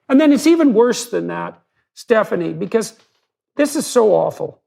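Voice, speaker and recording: A man with a high voice for a man, roughened by a steady gravelly fry. He talks in an analytical, lecturing way, blunt and emphatic, and builds his case step by step through examples. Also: moderate pace. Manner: emphatic and blunt, with vivid hypotheticals. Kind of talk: analytical lecture-style conversation.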